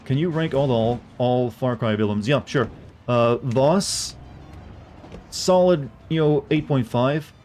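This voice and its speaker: A man's voice: mid-range voice, a little slow, darkish tone, soft background music. A man streaming a game, chatting casually with his viewers and answering their questions, often restarting his sentences. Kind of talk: casual gameplay commentary.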